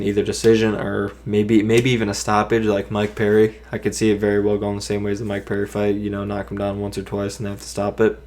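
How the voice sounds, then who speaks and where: A man talking casually to his viewers, giving a boxing prediction in a rambling way and correcting himself often. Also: lowish voice. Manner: rambling, self-correcting, hedging opinions. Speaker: boxing commentator.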